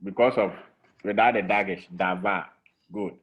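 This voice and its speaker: Man, language teacher, patient repetition, unhurried, slightly low voice, tinny video-call audio. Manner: slow, patient, repeats each word for drilling. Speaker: Hebrew teacher. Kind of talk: online language lesson.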